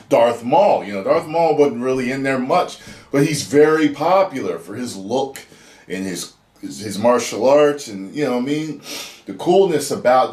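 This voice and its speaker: A man chatting casually and emotionally as he reviews a show he just watched. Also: fairly low pitch. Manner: chatty, emotional, chuckles as he talks. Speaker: YouTube reaction reviewer. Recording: roomy echo.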